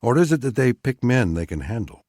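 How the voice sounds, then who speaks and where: A man narrating a literary short story aloud in an expressive, dramatic reading style. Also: medium pitch, a little fast, no room sound, clean studio sound. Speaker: audiobook reader.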